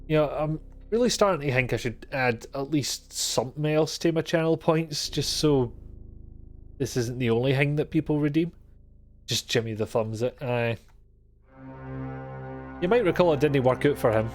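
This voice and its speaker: A man's voice: mid-range voice, moderate pace, long pauses, soft background music. A man streaming a video game live, commenting in a sweary, exasperated and sarcastic way.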